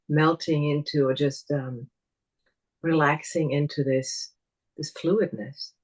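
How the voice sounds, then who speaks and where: A woman taking part in a group workshop on a video call, sharing her feelings warmly and searching for words. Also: deep voice. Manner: warm, searching for words, laughs often. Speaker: workshop participant. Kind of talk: personal sharing.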